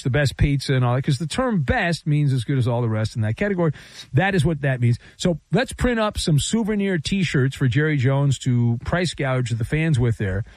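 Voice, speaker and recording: A male sports radio host riffing through a monologue with sarcasm and playful asides. His pitch rides high and swoops widely, full of mock outrage. The sound is dry and close, like a studio mic. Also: a little mellow, no echo.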